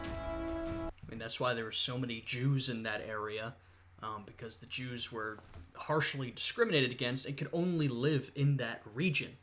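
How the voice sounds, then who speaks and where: A man's voice: mid-range voice, normal speed, music in the background. A young man, a history student, reacts to a video with casual, thoughtful commentary full of "uh" and "you know".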